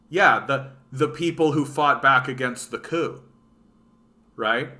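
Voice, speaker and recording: A man from Canada riffing through a casual political rant, bright and sharp in tone. He reads news items aloud and reacts with sarcasm and swearing. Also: mid-range voice, slow pace, long pauses. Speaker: political commentary streamer.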